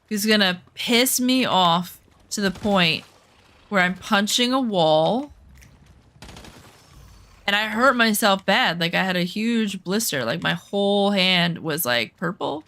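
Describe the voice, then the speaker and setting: A woman's voice: lowish voice, pushed and bright. A woman streamer telling a personal story while she plays a game. She talks candidly, swears freely and reenacts her own side of past arguments. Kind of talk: casual storytelling while gaming.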